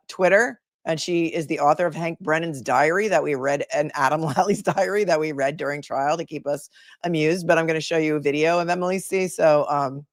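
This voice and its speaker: A woman host talks casually on a livestream, her voice sitting low. She rambles warmly through viewer comments, full of fillers and restarts. The sound is close and dry, with no room echo. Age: older than her peers, calls herself the old lady of the group.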